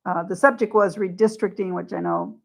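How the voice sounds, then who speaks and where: A woman's voice: mid-range voice, steady tone, a little fast, vocal fry. A woman candidate, a guest on a radio talk show, explaining her views in conversational talk. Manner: conversational, explains at length with restarts. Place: radio studio.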